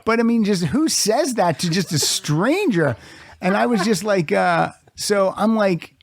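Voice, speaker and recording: Gravelly-voiced man telling a rambling story. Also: sits high, a little slow, no room sound. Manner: animated, rambling, swears freely. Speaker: podcast host. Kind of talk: casual storytelling on a podcast.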